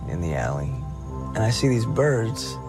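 An actor playing a quiet, reflective male bank robber in film dialogue, talking low and hushed. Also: very animated, normal speed. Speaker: film character. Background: loud gentle ambient music.

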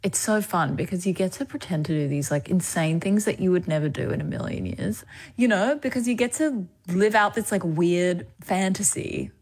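A woman's voice: lowish voice, moderate pace, darkish tone, husky. A young woman with an Australian accent, an actress chatting animatedly in an interview and laughing often. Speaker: actress guest. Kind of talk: casual interview chat.

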